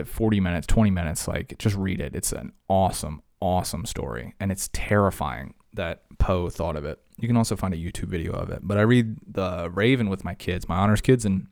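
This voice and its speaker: A man from Virginia who teaches high school English, talking casually and rambling with lots of filler words and sudden animated bursts. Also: dry recording, clean studio sound. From Virginia, USA. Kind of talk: casual conversation.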